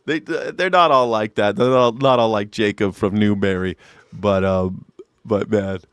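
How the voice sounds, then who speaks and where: A man's voice: lowish voice, a little slow, fairly bright tone, clear, resonant tone, no echo, studio quality. An American man hosting a news reaction show, talking casually, rambling and swearing, often laughing. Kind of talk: casual live-stream reaction commentary.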